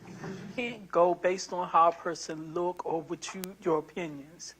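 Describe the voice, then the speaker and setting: A woman in her sixties, a prospective juror, answering questions in a courtroom in an earnest, soft-spoken, apologetic way. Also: lowish voice, fairly even intonation, measured pace, husky. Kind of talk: answering jury selection questions.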